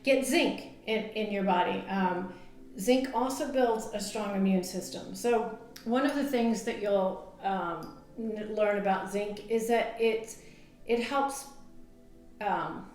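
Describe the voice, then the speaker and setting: A nutrition coach talks to camera about health in a loose, chatty way, full of ums and self-deprecating laughs. Her voice is middling in pitch, slow-paced, and somewhat dark in tone. The camera mic picks up a room that rings with echo.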